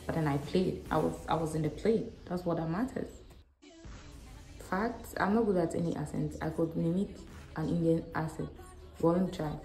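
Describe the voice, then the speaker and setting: A young woman chats frankly through a casual Q&A vlog, teasing herself as she goes. Her voice sits low and mellow. It rings in an echoey room with faint music underneath. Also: moderate pace. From Ghana. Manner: frank, animated, self-mocking. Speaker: vlogger.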